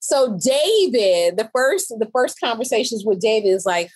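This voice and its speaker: Bubbly high-voiced woman telling stories. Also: normal speed, hardly any pauses, husky, poor audio. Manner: animated, emphatic storytelling, laughs often. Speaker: interior designer, show competitor. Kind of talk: casual interview chat.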